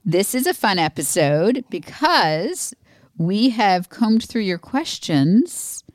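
A woman's voice: mid-range voice, very animated, takes it slowly, no echo, studio quality. A middle-aged woman co-hosting a podcast in casual chat, easygoing and teasing, reading listener questions aloud. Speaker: podcast co-host.

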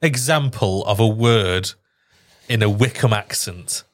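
A man's voice: on the low side, measured pace. A man in casual conversation, curious and prompting the other speaker with questions. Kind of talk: casual chat, asking questions.

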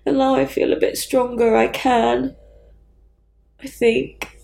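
A grieving woman talking candidly as a guest, halting and raw, swearing bluntly. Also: a little high, flat delivery, vocal fry, darkish tone, reverberant, low-quality recording. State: grieving, near tears. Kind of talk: candid conversation.

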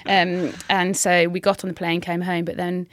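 A woman, a hockey player telling her story candidly in an interview, with frequent halting restarts. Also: fairly low pitch, little pitch movement.

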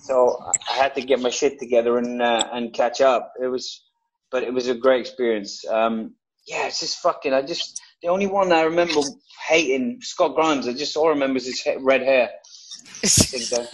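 A man on a panel telling a story in an animated, profane way, acting out shouted lines. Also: mid-range voice, normal speed, dull audio, slight background noise. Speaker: actor on a reunion panel. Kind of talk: casual anecdote.

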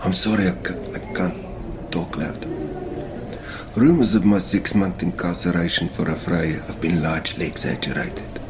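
A man voicing a cheeky South African man in jail who leaves a hushed, half-whispered, rambling phone message. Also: low-pitched, moderate pace, few pauses, background noise, close to an everyday voice. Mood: hushed sheepish.

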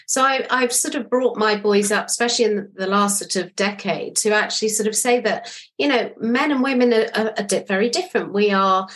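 Middle-aged woman guest, earnest and animated, mid-range voice, talks in a busy, restarting way. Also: medium pitch, fairly quick. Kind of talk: interview conversation.

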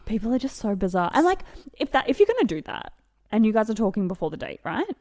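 A woman in her thirties co-hosts a podcast and reacts quickly, chiming in and finishing her friend's sentences. Her pitch swoops up and down freely around a middle register. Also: big pitch swings, darkish tone. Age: 30s. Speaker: podcast co-host. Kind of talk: casual chat.

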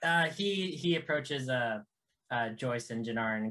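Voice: medium pitch, expressive, unhurried, fairly bright tone. A tabletop game player describing a character, hesitant and full of joking asides.

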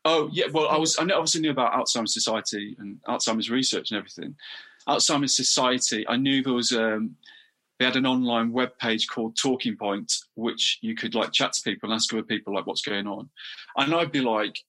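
Bright-voiced man, halting and candid. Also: mid-range voice. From England. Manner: halting, many restarts and repeated words. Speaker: interview guest. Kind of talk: candid personal interview.

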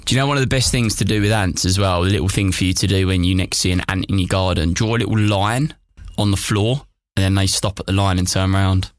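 A man's voice: sits low, fast, no room sound, studio quality. A man co-hosting a podcast, bantering casually in a jokey, teasing way. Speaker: podcast co-host.

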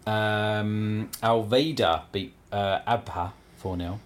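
A man on a casual football podcast, reading out results as a halting list and stumbling over team names. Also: fairly low pitch, fairly even intonation. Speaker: podcast co-host.

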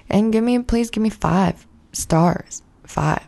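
A woman's voice: mid-range voice, slow, gravelly, warm tone. A woman hosting a podcast, chatting casually and laughing often. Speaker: podcast host. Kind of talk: casual chat.

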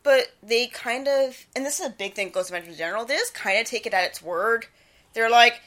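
A young woman co-hosting a casual podcast, giggling often and acting out loud quotes. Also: fairly high pitch, a little fast. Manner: giggly, animated, breaks into loud quoted yelling. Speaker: podcast co-host.

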